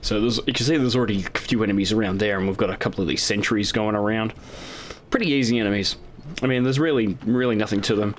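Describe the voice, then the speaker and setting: A man's voice: lowish voice, quick pace, a little hiss or hum. A man hosting his own gaming channel, casually talking over recorded gameplay in a rambling way with lots of fillers and restarts.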